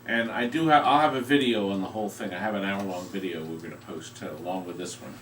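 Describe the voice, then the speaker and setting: A man's voice: deep voice, quick pace, fairly bright tone. A man co-hosting a casual podcast, talking in a plain, matter-of-fact way. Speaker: podcast co-host. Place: arcade. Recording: roomy hall, distant mic, faint noise.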